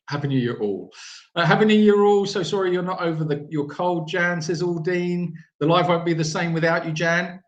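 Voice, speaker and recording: A man's voice: a little high, a bit bright, echoey room. A man hosting a live stream, reading out viewer messages and joking with them in a casual chat.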